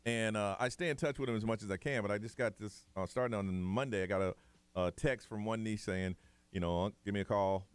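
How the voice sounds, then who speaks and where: A man's voice: on the low side, a little fast, clean tone, no room sound. A man hosting a morning radio show, telling a family story in casual chat and acting out the voices of relatives.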